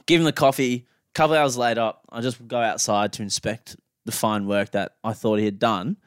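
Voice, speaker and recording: A man's voice: mid-range voice, steady tone, moderate pace, clean tone, no room sound, clean studio sound. Blunt Australian man on a podcast. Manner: blunt, swears freely, mimics people in anecdotes. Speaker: podcast co-host. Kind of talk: casual podcast banter and storytelling.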